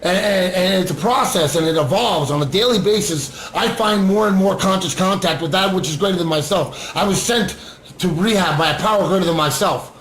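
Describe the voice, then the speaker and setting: A man's voice: sits high, fairly quick, a bit bright, reverberant, a little hiss or hum, rough recording. A man and recovering addict sharing his story in an earnest livestream monologue, often asking "right?". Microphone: webcam or phone on a screen.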